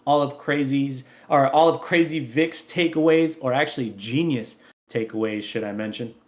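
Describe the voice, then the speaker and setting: A man's voice: mid-range voice, moderate pace. A man hosting a sports podcast, chatting casually and reading promos for the show in a playful, upbeat way. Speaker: podcast host.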